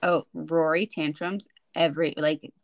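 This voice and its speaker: Woman podcast co-host, gravelly lowish voice, dry close sound, quick asides. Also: no room sound. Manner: quick asides and steady listener backchannel. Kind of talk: casual chat.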